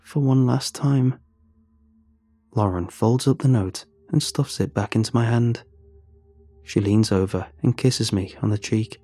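A man's voice: on the low side, normal speed, warm tone, husky, no room sound. A man narrating a first-person story in an earnest, emotional way.

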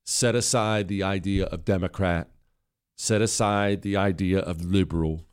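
A man's voice: low voice, steady tone, a little slow, clear, resonant tone. Indignant, emphatic talk radio host, a man. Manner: indignant, emphatic, sarcastic, reads quotes in a raised voice. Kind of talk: opinion talk radio monologue. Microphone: studio microphone.

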